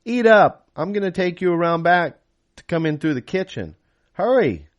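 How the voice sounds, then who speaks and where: An eager, hurried young boy, voiced noticeably higher than the reader's own tone, keen and a little bossy in an audiobook read at home, as a man puts him on. He talks with quick urgency. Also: animated, dull audio.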